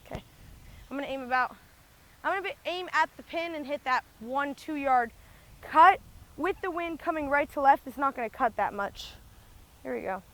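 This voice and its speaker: A woman's voice: high voice, expressive, normal speed, long pauses. Chatty woman vlogging on a golf course. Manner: chatty, thinks aloud with many likes and restarts. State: out of breath. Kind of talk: casual talk-through while playing golf. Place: outdoors on a windy golf course.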